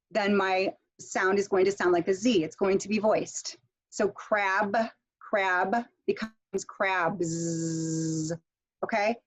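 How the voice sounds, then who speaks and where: A woman teaching a pronunciation workshop online. She explains slowly, keeps checking in with "okay?", and corrects herself along the way. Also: mid-range voice. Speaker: pronunciation instructor.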